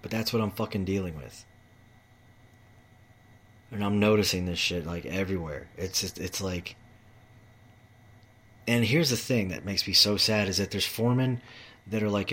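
A man's voice: sits low, normal speed, pauses often, fairly bright tone. A tradesman ranting in a heated monologue about his job, swearing often and repeating himself. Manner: profane, heated, repetitive. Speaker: manual tradesman.

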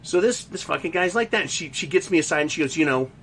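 A man's voice: sits high, expressive, fast, fairly bright tone, breathy edge. A man delivering a crude, heated opinion rant, swearing constantly and mocking others.

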